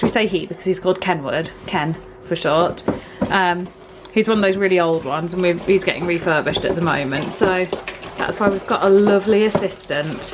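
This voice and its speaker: A woman's voice: lowish voice, noisy background. A woman, chatting casually through a home baking vlog, self-deprecating and easygoing. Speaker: vlogger. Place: home kitchen.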